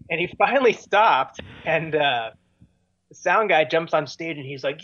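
A man, a musician, tells long stories in an interview, wandering through fillers and restarts. His voice sits a bit high. The sound is dry and somewhat muffled, like a lo-fi recording. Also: lively intonation, normal speed, a bit bright, no echo. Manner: rambling, many fillers and restarts. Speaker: touring musician guest. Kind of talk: casual storytelling in an interview.

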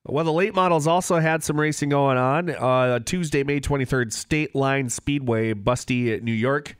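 A man co-hosting a podcast, running through race results and standings in a casual, brisk way. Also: mid-range voice, clear, resonant tone, dry recording, clean studio sound. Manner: brisk, reads standings and lap details, laughs easily.

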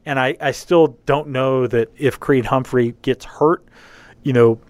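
A man hosts a relaxed sports podcast in a mid-pitched voice. He talks things through slowly, stopping often for fillers and restarts. The recording is dry, with no room sound. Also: no room sound. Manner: halting, many fillers and restarts. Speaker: podcast host. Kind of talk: casual sports podcast chat.

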